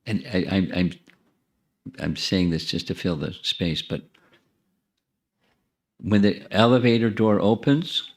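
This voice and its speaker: Deep-voiced man giving a spiritual talk. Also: takes it slowly, pauses often. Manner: conversational, warm asides to the audience; repeats and restarts phrases while thinking. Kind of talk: informal spiritual lecture.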